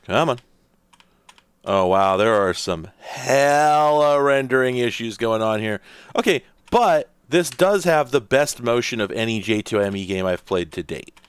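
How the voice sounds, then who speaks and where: A man's voice: medium pitch, animated, unhurried, clear, resonant tone, no room sound. A man hosting a casual let's-play, rambling and thinking aloud with lots of fillers as he plays. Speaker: host.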